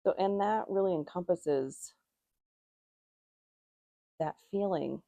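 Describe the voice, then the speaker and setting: A woman's voice: on the low side, slow, creaky, dark tone, dry recording. A woman giving a casual tarot reading in a musing, meandering way, her nose slightly stuffy. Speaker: tarot reader.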